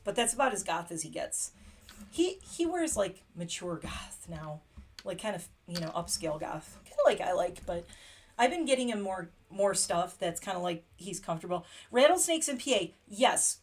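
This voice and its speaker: A woman's voice: medium pitch, sing-song, moderate pace. Middle aged lady chatting on a livestream, rambly, laughs a lot. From Pennsylvania, USA. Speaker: livestream host. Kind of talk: casual livestream chat.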